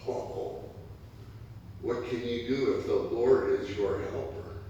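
A man delivers a sermon in an emphatic, repetitive style, his lines building with rising force. He speaks slowly, and his voice rings out in a large hall with a long reverb, picked up from far away. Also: mid-range voice, steady tone, warm tone, muffled recording, a little hiss or hum. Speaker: preacher.

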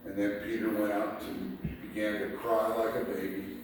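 A man preaching a sermon, reading scripture passages aloud and explaining them in a slow, deliberate way. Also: fairly low pitch, little pitch movement, background noise. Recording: echoey room picked up from a distance.

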